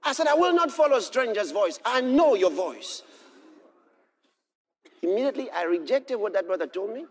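High-voiced guy preaching, swings from soft storytelling to shouting. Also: very animated, normal speed, pauses often, a little hiss or hum. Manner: builds from quiet storytelling to shouted exclamations. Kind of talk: sermon.

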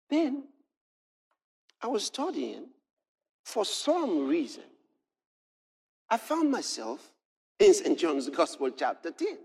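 A man preaching a sermon, telling a personal story with animated delivery that moves between hushed passages and shouted exclamations. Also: high-pitched, slow pace, pauses often, husky.

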